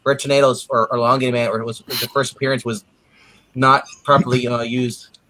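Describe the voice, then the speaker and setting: A man's voice: mid-range voice, flat delivery, brisk, pushed and bright, a little hiss or hum, poor audio. A man chatting and teasing on a comics stream over a video call. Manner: teasing, rambling. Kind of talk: casual chat on a comics stream.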